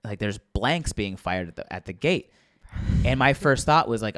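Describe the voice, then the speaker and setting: A man's voice: fairly low pitch, sing-song, moderate pace, a bit bright, no echo, clean studio sound. A man in his thirties, a stand-up comedian telling a story in casual podcast talk, acting out quotes with lots of swearing.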